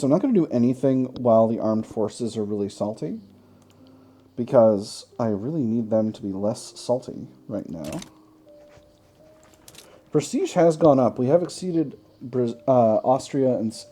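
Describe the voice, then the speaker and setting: A man's voice: medium pitch, animated, moderate pace, mellow. A man hosting a gaming channel, chatting through a strategy game, thinking aloud with wry self-mocking asides.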